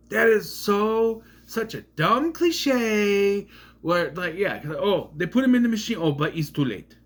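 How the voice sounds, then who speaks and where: A man's voice: high voice, fairly bright tone. A man giving a casual, rambling film review, sarcastic and often tripping over names. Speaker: movie reviewer.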